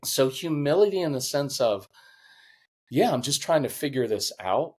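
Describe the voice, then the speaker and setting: At a moderate pace and in a mid-range voice, this man talks through a conversational interview as a podcast guest. He's a middle-aged parenting coach whose stories come out earnest, lively and emotional, and he gets choked up along the way.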